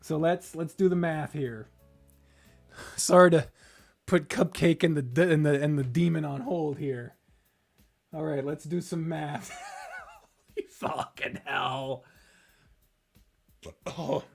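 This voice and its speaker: A woman's voice: low voice, measured pace, creaky, long pauses, darkish tone, no echo, soft background music. A woman streamer and game master in casual livestream chat, giddy and laughing often, swearing and stumbling as she works through math aloud.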